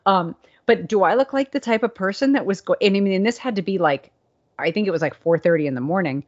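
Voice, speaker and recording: A woman co-hosting a casual podcast chat, telling a story with lively acted-out quotes. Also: medium pitch, fast talker. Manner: animated storyteller, acts out quotes. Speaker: podcast co-host. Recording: dull lo-fi sound.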